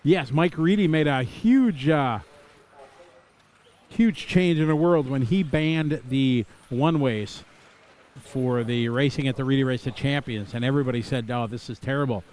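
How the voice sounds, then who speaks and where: A man's voice: medium pitch, moderate pace, darkish tone. A middle-aged man from Wisconsin giving live, chatty commentary on a radio-controlled car race, rambling into asides between calls.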